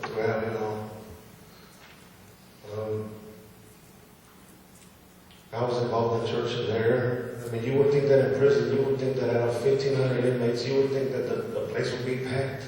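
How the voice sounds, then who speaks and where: A man's voice: mid-range voice, darkish tone, a little hiss or hum. A man giving an earnest, emotional personal testimony to a church congregation, repeating himself as he tells it. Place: church sanctuary. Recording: echoey hall from far off.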